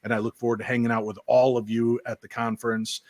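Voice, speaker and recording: A man's voice: mid-range voice, level tone, fast talker, a little mellow, no echo. A man in his forties from the United States chatting playfully on a video call, self-mocking and jokey. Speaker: guest podcast host. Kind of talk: casual video call chat.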